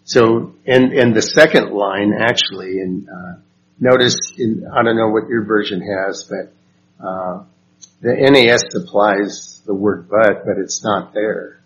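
Slow-paced man leading a Bible study. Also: on the low side. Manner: slow and unhurried, asks the group questions. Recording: dull lo-fi recording with faint noise.

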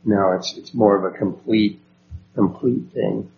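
A man's voice: fairly low pitch, fairly even intonation, gravelly. A man teaching a Bible study class, reading verses and asking the group questions. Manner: slow and unhurried, asks the group questions. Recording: dull lo-fi recording with faint noise.

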